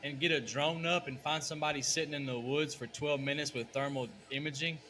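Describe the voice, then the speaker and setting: A man's voice: fairly high pitch, steady tone, fairly quick, crowd noise. A man on a remote podcast, making short, dry remarks. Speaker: podcast co-host. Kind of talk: casual remote chat.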